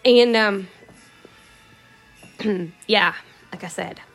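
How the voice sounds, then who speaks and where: Woman vlogger, candid and rambling, mid-pitched voice, faint music underneath. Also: very slow, vocal fry, fairly bright tone. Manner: candid, swears, laughs, rambling retelling. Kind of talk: casual emotional storytelling.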